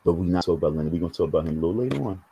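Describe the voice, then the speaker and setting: A man's voice: deep voice, animated, rapid-fire, warm tone, slight background noise, low-quality recording. A man talking to his online viewers in a blunt, emphatic, profane monologue with a preachy tone. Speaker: online commentator.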